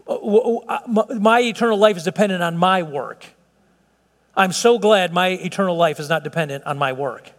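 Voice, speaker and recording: Brief: middle-aged male pastor, high-pitched, earnest and chatty, church hall with long echo. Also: normal speed. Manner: earnest, conversational preaching with frequent restarts and chuckles. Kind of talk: sermon.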